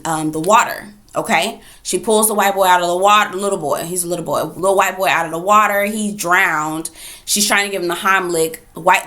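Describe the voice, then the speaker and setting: A woman reviewing a TV episode in a casual recap, animated, acting out quotes and asides. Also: mid-range voice. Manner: animated, retells scenes with voiced quotes and asides.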